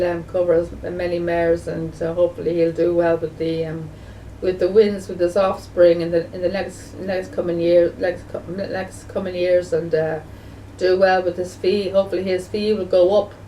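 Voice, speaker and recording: A woman's voice: fairly low pitch, dark tone. A woman vlogger talking casually to the camera, rambling and repeating herself with many restarts, recorded from a distance. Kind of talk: casual home video talk. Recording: distant mic with faint background noise.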